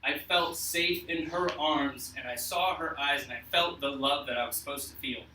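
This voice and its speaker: A young man telling a personal story to an audience, earnest and emotional, with halting restarts. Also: a little high, sharp tone, roomy sound, far from the mic, slight background noise, rough recording.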